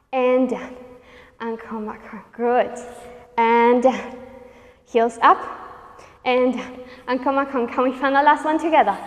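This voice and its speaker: Breathless high-voiced woman coaching a workout. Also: in a large hall. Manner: encouraging, counts reps, panting and laughing between cues. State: out of breath, sweaty. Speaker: pilates instructor. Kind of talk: guided workout instruction.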